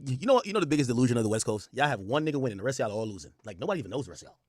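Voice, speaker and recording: A man's voice: medium pitch, very animated, rapid-fire, darkish tone, dry recording. A man hosting a reaction commentary, ranting with profanity and repeating his points for emphasis. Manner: repetitive, emphatic. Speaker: host.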